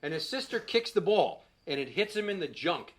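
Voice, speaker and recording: A man's voice: sits high, sing-song, moderate pace. A man in his thirties doing a stand-up set about his kids, profane and exasperated, telling stories on a handheld mic in front of a live audience. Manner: profane, exasperated storytelling, voices his young son. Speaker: stand-up comedian. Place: small comedy stage before a live audience. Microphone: handheld microphone.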